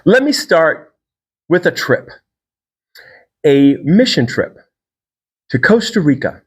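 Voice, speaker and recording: A man's voice: a little high, sing-song, slow pace, slightly rough. A man from Virginia, a fitness trainer and podcast host, talking to the camera in a casual, rambling, enthusiastic solo monologue.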